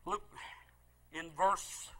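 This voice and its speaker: A middle-aged male pastor preaching a sermon, telling a story with great feeling and swinging from loud pleading to hushed, low asides. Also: very slow, rough recording.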